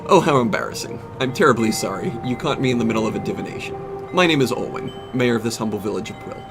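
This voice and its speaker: A man's voice: mid-range voice, animated, fast talker, lightly acted. Olwen, a fussy flustered village mayor, read by a man. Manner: fussy, prim, evasive. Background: game music.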